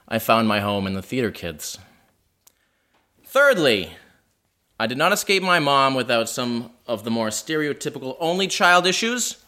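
Animated, self-mocking male storyteller. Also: mid-range voice. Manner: self-deprecating, animated, wry. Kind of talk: live personal storytelling. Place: living room house show.

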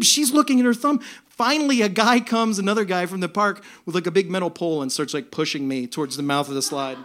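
A man telling a comic story live on stage in an animated, profane way. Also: high-pitched, quick pace.

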